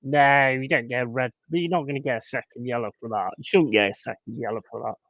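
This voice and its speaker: Calling a match for a fan watchalong, this man talks quickly in a medium-pitched, fairly bright voice, free of echo. He chats between plays and breaks into profane, exasperated outbursts.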